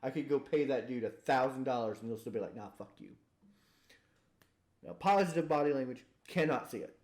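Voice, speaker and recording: A man co-hosting a casual comedy chat, joking and acting out voices with deadpan punchlines. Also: medium pitch, fast. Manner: jokey, acts out silly voices, deadpan punchlines. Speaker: podcast co-host.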